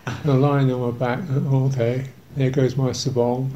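A man's voice: medium pitch, level tone, moderate pace, highs cut off, noisy background. An older English man, a Buddhist monk, telling a humorous, self-mocking story in a dharma talk, chuckling along.

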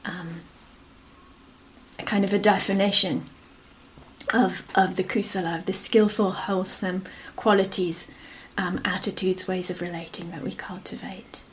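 A woman meditation teacher giving a gentle, unhurried dharma talk, her phrases often fading to a whisper and punctuated by a soft "yeah". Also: fairly low pitch, flat delivery, slight background noise. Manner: frequent affirming "yeah" between phrases.

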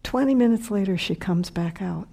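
Mellow-voiced woman giving a dharma talk. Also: mid-range voice, moderate pace, vocal fry. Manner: heartfelt storytelling, dropping to a whisper for quoted words. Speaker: meditation teacher.

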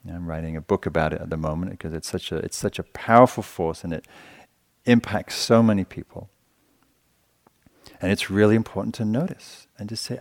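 A male meditation teacher giving a dharma talk in a gentle, conversational way, often searching for words. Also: sits low, brisk, gravelly.

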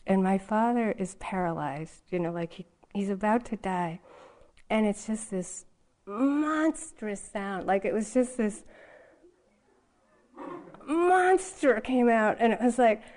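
A woman's voice: medium pitch, lively intonation, slow pace, darkish tone. A woman meditation teacher giving a dharma talk, telling a personal story conversationally and laughing often. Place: retreat hall.

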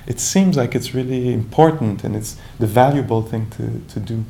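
A man giving a calm, reflective dharma talk as a meditation teacher, searching for words with many restarts and asides. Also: mid-range voice, normal speed, vocal fry, slight background noise.

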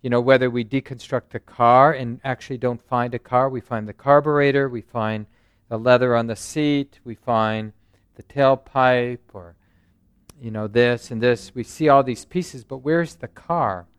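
A male meditation teacher gives a talk at a meditation center in an easy, conversational way, often checking in with his listeners. His voice is smooth and resonant, at a middle pitch. The recording is dry and close. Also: fairly even intonation, a little slow, no echo. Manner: conversational, frequent "right?" and "you know". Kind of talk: dharma talk.

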